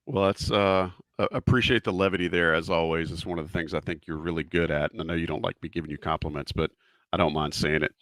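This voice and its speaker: A man's voice: sits low, steady tone, quick pace, a bit bright, no room sound. A man hosting a podcast in an easygoing way, asking loose open questions. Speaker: podcast host. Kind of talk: casual podcast chat.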